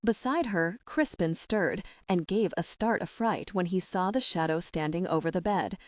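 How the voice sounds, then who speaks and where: A woman narrating an audiobook in a measured, dramatic storytelling manner on a close mic. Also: lowish voice, no room sound. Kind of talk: scripted narration.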